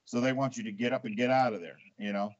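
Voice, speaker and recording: A man's voice: medium pitch, steady tone, fast talker. Connecticut guy rambling on a radio chat, lots of you knows, muffled stream sound. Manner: rambling, leans on "you know" and laughs often. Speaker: co-host. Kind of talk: casual call-in radio chat. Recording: dull lo-fi stream audio.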